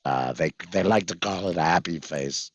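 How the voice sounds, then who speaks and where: A man, a guest in conversation, recounting a personal story in a halting way with many fillers and restarts. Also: deep voice, no room sound. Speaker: guest, patient mentor.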